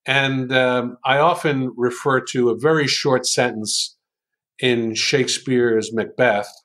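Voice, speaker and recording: An older American man speaks slowly and deliberately in an interview, often pausing with ums as he works through ideas. His voice sits at a middle pitch, and he savors quoted sentences as he reads them aloud. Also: fairly even intonation, fairly bright tone. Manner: thoughtful, hesitant with many ums, savors quoted lines. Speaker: author and writing coach, interview guest. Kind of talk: conversational interview, explaining with examples.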